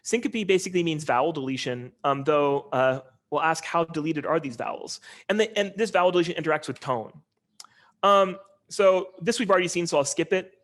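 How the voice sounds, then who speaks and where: A man giving an informal linguistics lecture over a video call, talking in a relaxed, conversational way with many ums and uhs. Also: a little high, brisk.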